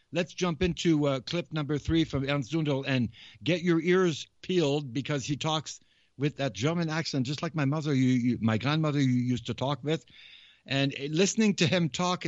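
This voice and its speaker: A man's voice: fairly high pitch, dry recording. A man hosting a show, giving rambling, repetitive casual commentary. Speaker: podcast host. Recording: slightly muffled, dry recording.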